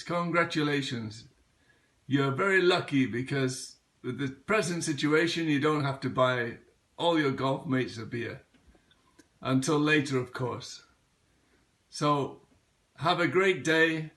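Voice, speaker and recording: A man's voice: a little high, takes it slowly, bright, forceful tone. A man sending a birthday video with dry, joking remarks. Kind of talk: casual birthday message.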